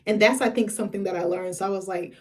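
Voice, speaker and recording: A woman's voice: mid-range voice, fairly even intonation, quick pace. A young woman telling a candid story to the camera, chatty and casual, with lots of filler words. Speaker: vlogger host.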